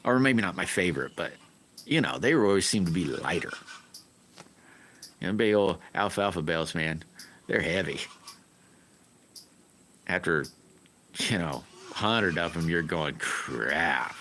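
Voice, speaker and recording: A middle-aged man rambles through folksy stories on his live stream, often chuckling. His voice sits very low in pitch. His tone is bright and sharp-edged. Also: expressive, moderate pace, pauses often, slight background noise. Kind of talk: casual storytelling chat.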